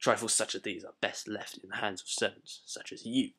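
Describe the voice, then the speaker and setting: A man voicing a haughty, scornful old sorcerer in a video game, speaking in a slow, pompous and disdainful way. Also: on the low side, fairly even intonation, pushed and bright. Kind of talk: amateur voice acting over a video game.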